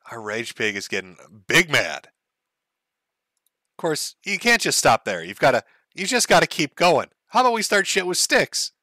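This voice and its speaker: A man's voice: fairly high pitch, no echo. A man hosting a commentary stream, mocking his subject with dry sarcasm. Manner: mocking, deadpan sarcasm with laughs. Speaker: streamer host.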